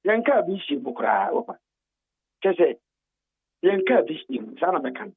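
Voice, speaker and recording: Man, high-pitched, emphatic caller, repeats words for stress, tinny phone line. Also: very animated, normal speed, creaky. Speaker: phone-in guest. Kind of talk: animated phone-in account.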